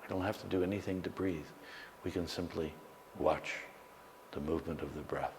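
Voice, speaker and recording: Deep-voiced man guiding a slow meditation. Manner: slow, calm, with long pauses. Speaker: meditation teacher. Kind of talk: guided meditation. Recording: long hall reverb, faint background noise.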